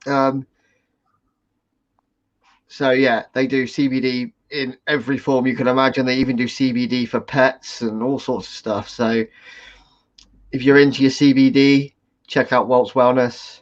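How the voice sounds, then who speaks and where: A man from the United Kingdom chatting on a livestream video call, energetic and quick to banter. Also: medium pitch. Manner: energetic, plugging, laughing banter. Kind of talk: casual livestream chat. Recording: dull lo-fi call audio.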